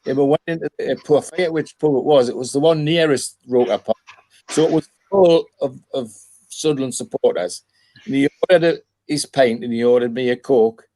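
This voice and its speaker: An older man from North East England tells long, meandering stories in a relaxed chat, pausing and restarting as he goes. His voice sits at a middling pitch and sounds dry and close, with no room around it. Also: no echo. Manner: rambling anecdotal storyteller with chuckles. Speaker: podcast panelist. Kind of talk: casual chat.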